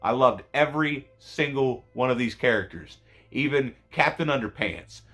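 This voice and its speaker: A man's voice: lively intonation, normal speed, fairly bright tone, soft background music. Profane rambling man reviewing a movie. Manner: profane, rambling, self-interrupting; voice jumps high when emotional.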